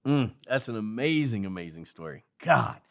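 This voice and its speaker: A man's voice: lowish voice, big pitch swings, moderate pace, gravelly, crowd noise. A man hosting a podcast, asking eager, curious questions and laughing easily. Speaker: podcast host. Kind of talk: conversational interview.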